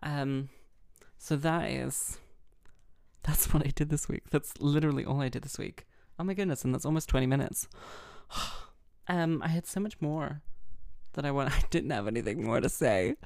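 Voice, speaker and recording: A woman hosting a casual solo podcast, chatty and self-mocking, rambling with lots of fillers and a heavy vocal fry. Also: rumbling low, normal speed, a little mellow, no room sound, studio quality. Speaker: harpist and podcast host.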